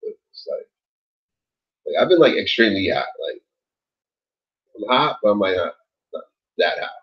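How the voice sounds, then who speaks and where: Man, casual livestream host, lowish husky voice, rambling and profane, dull lo-fi audio. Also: very animated, moderate pace. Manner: laid-back, rambling, swears a lot, says like and yo often. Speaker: livestream host reading chat. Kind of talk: late-night casual livestream chat.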